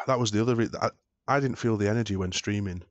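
Lowish British man, chatty podcast host. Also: brisk, dry recording, dull audio. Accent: British English. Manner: chatty, storytelling, animated when joking. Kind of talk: casual chat.

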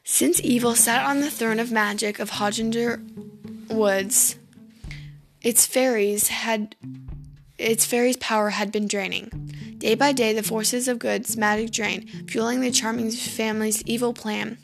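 A woman's voice: fairly high pitch, steady tone, creaky, music in the background. Woman reading a spooky fairy tale. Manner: slowing for suspense, small slips. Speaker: storyteller.

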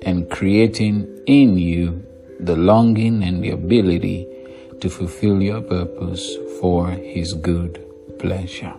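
A man reads a scripture meditation in a very deep, unhurried voice, repeating each phrase with measured care. Instrumental music plays clearly behind him. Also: steady tone, warm tone.

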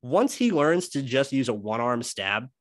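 A man talks football on a podcast, emphatic and animated as he lays out player technique. His voice sits at a middling pitch. The sound is dry and close, with no room around it. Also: unhurried, dry recording. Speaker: sports podcast co-host. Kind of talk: casual football analysis chat.

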